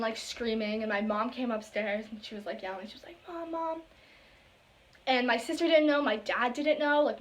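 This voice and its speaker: Young woman vlogging, kinda high voice, lots of "like" and quoted bits, goes soft and whispery sometimes. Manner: casual, filler-heavy retelling with many quoted asides; drops to soft whispers when quoting herself and others. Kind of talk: personal storytelling to camera.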